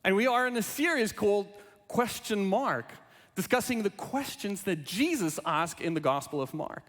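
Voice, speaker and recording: A man's voice: high voice, moderate pace, big-room sound. A man preaching a sermon as a pastor, reading scripture and then talking playfully with the congregation in a large church. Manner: animated, playful, invites the congregation to join in.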